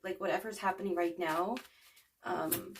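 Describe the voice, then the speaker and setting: A woman's voice: fairly low pitch, fairly even intonation, moderate pace, vocal fry, recorded from a distance, a little hiss or hum. A woman in her twenties giving a casual tarot reading to viewers, rambling with lots of fillers. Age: 20s. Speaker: tarot card reader.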